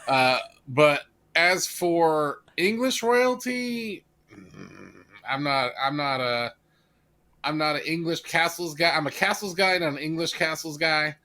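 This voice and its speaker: A male comic co-host with a bright, forceful voice pitched a bit high, rambling loosely and restarting as he jokes. The talk is relaxed and unscripted. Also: slow pace. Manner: rambling, jokey, self-correcting. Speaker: stand-up comic and podcast co-host. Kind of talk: casual chat.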